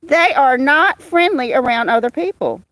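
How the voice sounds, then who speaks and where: A woman hosting a casual livestream outdoors, greeting viewers by name in a slow, chatty way. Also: high voice, lively intonation, a bit bright, dry recording. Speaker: livestream host. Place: outdoors with cats.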